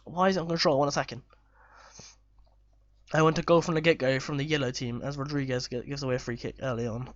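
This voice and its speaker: A man commentating live on his football management game, excitable and swearing when chances are missed. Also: mid-range voice, fast, dry recording, muffled recording. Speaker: gaming YouTuber.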